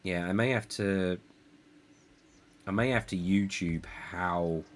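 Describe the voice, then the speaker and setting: Low-voiced man rambling through gameplay. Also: takes it slowly, slight background noise. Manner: rambling, self-deprecating, thinking aloud. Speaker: streamer. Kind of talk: live gameplay commentary.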